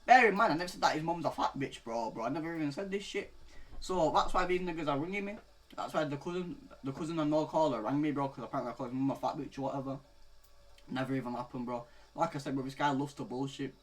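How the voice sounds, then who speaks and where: A young man in his late teens tells a story-time rant in a rambling, profane flow. His voice sits a little high, and he drops "bro" after nearly every phrase. He lurches between low mutters and loud, animated outbursts. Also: fast talker. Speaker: vlogger.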